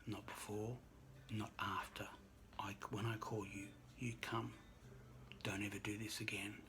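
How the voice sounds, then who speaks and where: Man doing a stern spirit being, slow and commanding, lowish voice, noisy take. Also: level tone, sharp tone.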